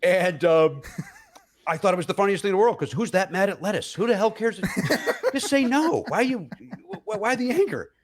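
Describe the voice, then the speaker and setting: A middle-aged man, a comedian guest, telling stories in an animated way and acting out other people's voices. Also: high-pitched, brisk. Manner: acts out other people's voices, with many fillers and laughs. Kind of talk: animated comic storytelling.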